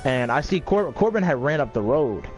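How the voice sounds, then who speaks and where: A man's voice: mid-range voice, sing-song, moderate pace, darkish tone, soft background music. Man telling a rambling, profane story. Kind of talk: casual chat.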